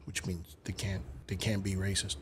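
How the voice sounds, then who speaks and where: A man's voice: low-pitched, monotone, moderate pace, slight background noise. A man hosting a live stream, lecturing and debating callers in an emphatic way, swearing casually.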